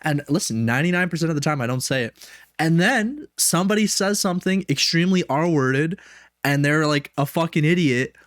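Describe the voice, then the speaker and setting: A man's voice: fairly high pitch, animated, brisk, dry recording. Profane rambling male commentator, dry sound. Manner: rambling, profane, laughing asides. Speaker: commentary streamer. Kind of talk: casual reaction commentary.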